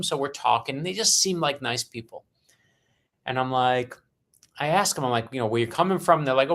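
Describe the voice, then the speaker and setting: A Brooklyn, New York man in his fifties, a guest author on a podcast interview, tells stories with lively energy. His voice is medium-pitched, and he animatedly acts out the quoted dialogue.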